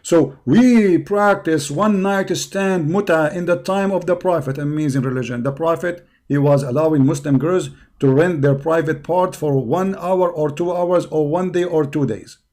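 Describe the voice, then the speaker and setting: Guy ranting on a livestream, voice worn out and hoarse, taunting and mocking, kinda higher pitched. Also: moderate pace, few pauses, a little mellow. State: hoarse from hours of talking. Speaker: live-stream host. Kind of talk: combative live-stream rant.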